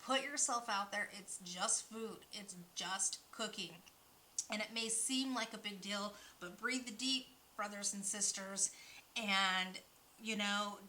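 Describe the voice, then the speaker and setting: A woman's voice: medium pitch, takes it slowly, sharp tone, slight background noise, poor audio. A woman giving a spiritual nutrition card reading, rambling with many fillers and restarts. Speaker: oracle card reader.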